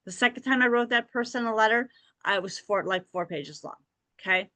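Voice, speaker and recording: Bright-voiced woman podcast host. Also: fairly high pitch, brisk, no room sound. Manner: encouraging, direct, repeats "okay?". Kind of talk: motivational podcast talk.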